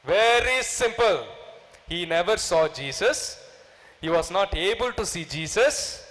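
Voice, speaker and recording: Preacher, male, high voice, slow measured delivery, questions the congregation, reverberant church hall. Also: lively intonation, fairly bright tone. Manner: repeats questions to the congregation, leads call-and-response prayer. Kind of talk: sermon.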